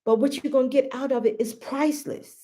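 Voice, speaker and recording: A woman's voice: high-pitched, fairly even intonation, a little fast, dark tone. Woman, live-stream host, heartfelt and emphatic, loose casual talk to her viewers, says things twice. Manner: emphatic, repeats phrases, calls viewers baby and y'all; heartfelt, grateful.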